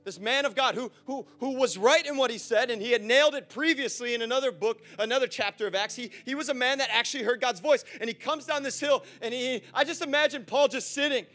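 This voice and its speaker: Animated, high-voiced young pastor. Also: male voice, fast, few pauses, soft background music. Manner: animated, chatty, acts out scenes, asks the room questions. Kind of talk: sermon. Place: church.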